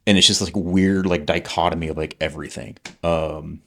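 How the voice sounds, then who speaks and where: A man's voice: deep voice, fairly even intonation, normal speed, slight background noise. A man in his forties, a military veteran guest, telling stories in casual chat, rambling with lots of fillers and freely swearing. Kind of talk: casual conversational storytelling.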